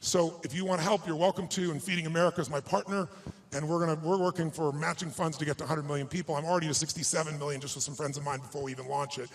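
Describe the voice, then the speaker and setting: A man with a fairly high speaking voice delivers a motivational speech to a live audience on stage. He tells a personal story with emphasis and often moves between quiet, hushed passages and louder, stronger ones. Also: steady tone, very fast, a little hiss or hum, poor audio.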